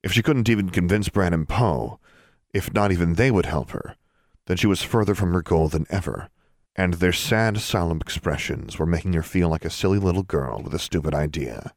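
In this audiobook narration, a man with a very deep voice reads from a storybook in a calm, measured way, keeping a steady rhythm through long stretches. The recording is intimate and dry, with no room sound.

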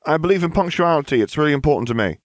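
Man doing a jittery oafish teen wizard boy, pitched up, dry close sound. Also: animated, rapid-fire, dry recording, lightly acted. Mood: nervous. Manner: nervous, bumbling. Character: nervous clumsy teenage boy wizard.

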